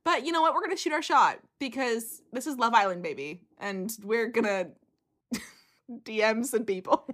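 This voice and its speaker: A woman's voice: on the high side, expressive, normal speed, a bit bright. Young woman co-hosting a chatty podcast. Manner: chatty, upbeat, uses fillers like "like" and "um". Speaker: podcast co-host. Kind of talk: casual chat.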